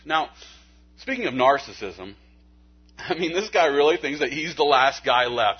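A husky-voiced man preaches in a relaxed, conversational way, stumbling over a word now and then and sliding into a hushed, soft tone to drive a point home. His voice sits at an ordinary middle pitch. The recording sounds dull and lo-fi. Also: moderate pace. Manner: conversational preaching with folksy asides and stammered restarts; drops to a hushed soft delivery when making a point. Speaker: pastor. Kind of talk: sermon.

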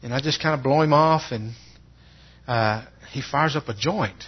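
A middle-aged man, telling a personal faith testimony in an earnest, halting way and often repeating words. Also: mid-range voice, husky. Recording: dull lo-fi recording.

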